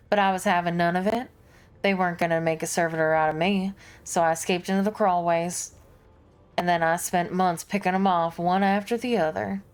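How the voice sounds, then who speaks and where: A woman voicing a gruff veteran male starship helmsman in a put-on Southern American accent, blunt and folksy. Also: fairly low pitch, natural voice. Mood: storytelling. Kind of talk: reading game dialogue aloud.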